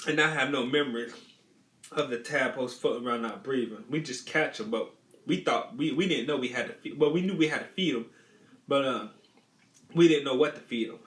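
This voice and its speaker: A man's voice: mid-range voice, a little fast, a bit bright. Rambling man telling a childhood story. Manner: rambling, repeats phrases, many restarts. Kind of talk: casual storytelling. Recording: roomy echo.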